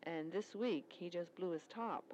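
A woman's voice: lowish voice, moderate pace, darkish tone, slight background noise, low-quality recording. A woman recording a spoken letter, chatting in a rambling, storytelling way about her work at a military service club.

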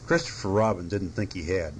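A man gently reading a children's storybook aloud in a soft, unhurried way. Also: low voice, slight background noise, poor audio. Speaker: narrator.

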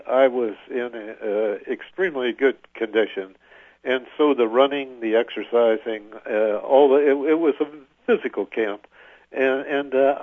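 A man's voice: medium pitch, no room sound. Older man on a tinny phone-like line. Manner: halting, many filler pauses. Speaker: veteran interviewee. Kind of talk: oral history recollection.

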